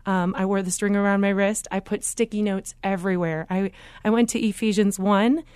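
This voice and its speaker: A woman's voice: medium pitch, smooth, no room sound, studio quality. Earnest woman telling a faith story. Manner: earnest, animated storytelling with quick asides. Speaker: guest. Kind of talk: faith interview conversation.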